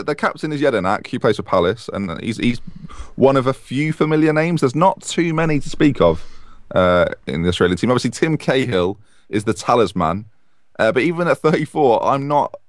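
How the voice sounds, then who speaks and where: A man's voice: mid-range voice, no echo. A young man co-hosting a casual football podcast, giving analysis with dry jokes. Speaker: podcast co-host. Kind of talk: casual sports podcast chat.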